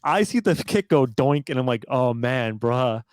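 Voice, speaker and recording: A man's voice: medium pitch, lively intonation, unhurried, darkish tone, no echo. A young man co-hosting a sports podcast, retelling a game with laid-back amusement. His voice sits in the middle, recorded close and dry. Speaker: podcast co-host. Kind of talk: casual sports chat.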